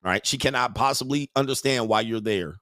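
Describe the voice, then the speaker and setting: A man's voice: medium pitch, brisk, bright, forceful tone, dry recording, studio quality. A man hosting a show, delivering a crude, mocking livestream rant and laughing often. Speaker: show host.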